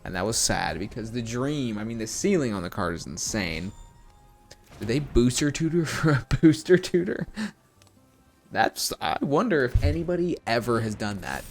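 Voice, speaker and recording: A man streaming a card game, giving live gameplay commentary while talking to his chat in a self-mocking, animated way. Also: lowish voice, normal speed, soft background music.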